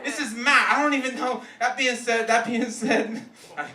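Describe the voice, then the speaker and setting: A man's voice: very high voice, fairly even intonation, normal speed. A man playing William Shakespeare as a swaggering London roadman with put-on street slang, performing a roast on a comedy club stage. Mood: brash. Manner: loud, swaggering, rambling asides. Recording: echoey club from a distance, noisy.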